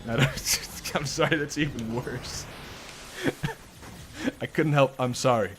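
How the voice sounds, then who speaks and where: A man's voice: mid-range voice, slow, noisy background. Joking, profane male gameplay streamer. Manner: rambling, joking, profane, self-deprecating, laughs often. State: sore, strained throat. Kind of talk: casual live gameplay commentary.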